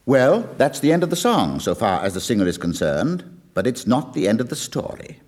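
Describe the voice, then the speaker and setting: A man's voice: mid-range voice, sing-song, normal speed, over music. A man lecturing on a song, telling its story in a storytelling manner and acting out the quoted lines. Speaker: music lecturer. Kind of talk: explaining a song with acted quotes.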